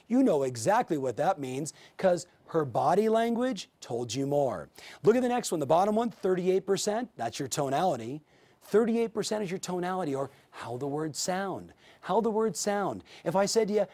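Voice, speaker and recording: A middle-aged man leads a sales training session for real estate agents, speaking with energetic, coaching drive. His voice sits a bit high and swings widely as he acts out sample dialogues with clients. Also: normal speed. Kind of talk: training video lecture.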